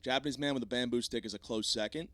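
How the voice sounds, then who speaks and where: A man's voice: mid-range voice, quick pace, fairly bright tone, no echo. A man in his thirties hosting a solo comedy podcast, ranting in a profane, rambling, self-mocking way with a slightly sore voice. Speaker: podcast host.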